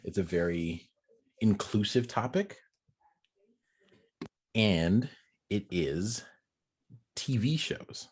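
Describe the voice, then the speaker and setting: Husky low-voiced young man hosting. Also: animated, drawn-out words, long pauses. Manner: joking, playful banter. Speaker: podcast host. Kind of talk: casual chat.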